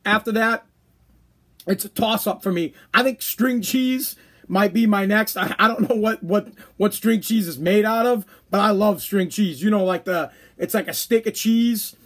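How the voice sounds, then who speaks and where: Animated man as a podcast host, a bit husky, high-pitched, ranting. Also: moderate pace. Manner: animated, emphatic, slangy. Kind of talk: casual rant to a live stream audience.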